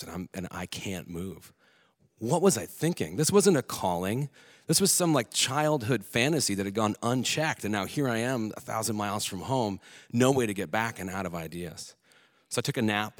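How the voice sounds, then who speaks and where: A man telling his own story to an audience, candid and earnest, with casual swearing and some restarts. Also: fairly low pitch. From Alaska. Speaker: speaker telling a personal story on stage. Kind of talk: personal storytelling talk.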